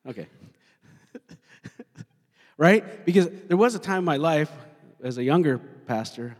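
A male pastor preaching a sermon, talking in an animated way and putting questions to his congregation. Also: fairly high pitch, a little slow, pauses often. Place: church sanctuary. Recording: long hall reverb.

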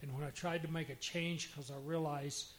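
An older man, a former pastor and panel guest in a church, slowly and earnestly telling a story from his marriage. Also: on the high side, steady tone, fairly bright tone, slight background noise. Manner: slow, reflective, earnest. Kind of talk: personal storytelling.

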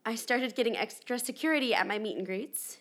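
In an audio drama, an actress voices a candid, rattled pop star in her twenties delivering a dramatic monologue. Her fairly high, slightly bright voice moves briskly as she rambles chattily, filling it with "like."

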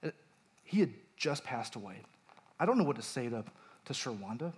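A man's voice: mid-range voice, very animated, normal speed, long pauses. A man in his thirties, a pastor, preaching a conversational sermon with personal stories and emphatic rises.

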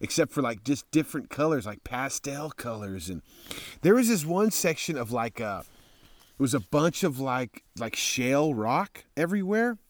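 A man from Texas, a motorcycle traveler, telling a rambling, profane travel story in a casual, excitable way. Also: medium pitch, moderate pace, dry recording.

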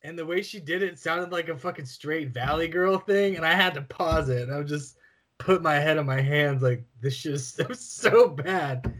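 A man's voice: a little high, normal speed, fairly bright tone. Sarcastic, blunt male podcast co-host. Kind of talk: casual film podcast chat.

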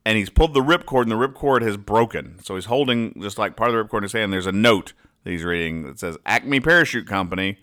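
A man hosts a casual comics read-aloud show. His voice sits on the low side but comes across bright and forceful. He talks haltingly, with plenty of "uh" and restarts, and dryly explains the jokes. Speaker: podcast host reading comics aloud.

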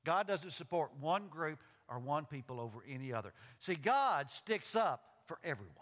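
A man's voice: a little high, very animated, normal speed, a bit bright, in a large hall. A man preaching a sermon in an emphatic way, asking his listeners questions and reading scripture. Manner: emphatic, asks the audience questions. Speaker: pastor.

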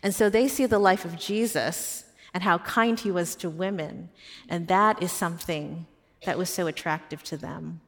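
A woman's voice: lowish voice, normal speed, vocal fry. Woman pastor preaching in a reverberant hall. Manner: personal storytelling, warm and earnest. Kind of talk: sermon. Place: church.

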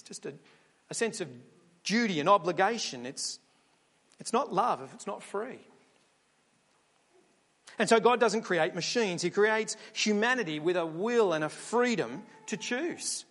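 A man's voice: high voice, fairly bright tone. A man preaching a sermon in a conversational storytelling way, full of rhetorical questions. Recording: long hall reverb.

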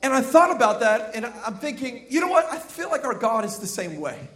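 A young pastor with a high, light voice preaches to his congregation in a lively, comic style. He mimics noises, jokes, then builds to shouted emphasis. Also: brisk. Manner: animated storytelling with sound effects and shouted emphasis. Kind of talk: comedic sermon. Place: church service with live congregation.

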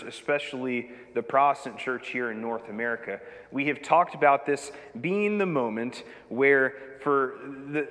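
A man preaching a sermon as pastor, reading scripture with measured delivery and dramatic emphasis on quoted lines. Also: medium pitch. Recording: long hall reverb.

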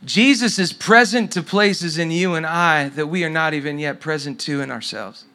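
A man's voice: fairly high pitch, normal speed, bright, forceful tone. A middle-aged man preaching a sermon, telling a story and dropping to a near whisper at tender moments. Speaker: pastor.

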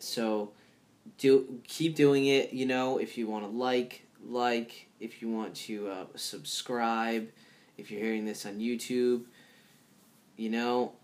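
A man hosting a podcast solo, chatting in a rambling, loose way full of fillers and restarts, laughing at his own remarks. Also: lowish voice. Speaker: podcast host. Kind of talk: casual solo podcast talk.

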